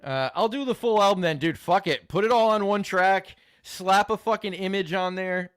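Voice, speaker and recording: A man's voice: high-pitched, moderate pace, fairly bright tone, clean tone, no echo, clean studio sound. A man hosting a live stream, chatting casually with viewers in a crude, joking, rambling way, swearing often. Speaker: streamer host reacting to videos.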